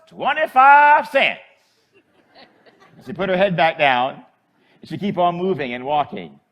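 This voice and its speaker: A priest with a fairly high voice tells a homespun story from the pulpit. His delivery is conversational and folksy, and he chuckles as he goes. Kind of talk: storytelling homily.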